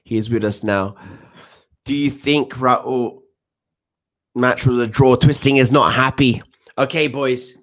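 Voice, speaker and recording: A man's voice: medium pitch, steady tone, slow pace, pauses often, fairly bright tone. A man in his thirties with a London accent, giving chatty, self-assured commentary on a football watchalong stream and reading chat. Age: 30s. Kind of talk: casual live-stream commentary.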